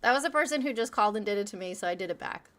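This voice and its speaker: A woman's voice: medium pitch, animated, very fast, a bit bright. A young adult woman hosting a call-in livestream, blunt and mocking, swearing freely. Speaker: livestream host taking calls. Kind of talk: casual call-in livestream chat.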